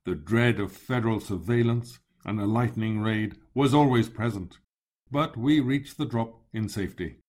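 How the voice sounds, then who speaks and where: A man reads a first-person memoir aloud at a measured, even pace. His voice sits at a middling pitch and he lingers on descriptive passages, giving the storytelling a steady, deliberate feel. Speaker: narrator.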